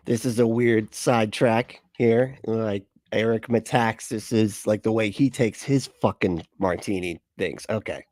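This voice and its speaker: Profane, rambling man, low-pitched. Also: measured pace, darkish tone, dry recording, clean studio sound. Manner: rambling, profane, frequent restarts and laughs. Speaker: reaction video host. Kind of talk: casual commentary.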